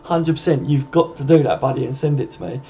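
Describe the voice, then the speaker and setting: A man's voice: medium pitch, fast talker, warm tone. A man hosting a casual live stream, chatting to viewers and calling them mate. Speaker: host. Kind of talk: casual live-stream chat reading comments. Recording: dull lo-fi home stream with faint noise.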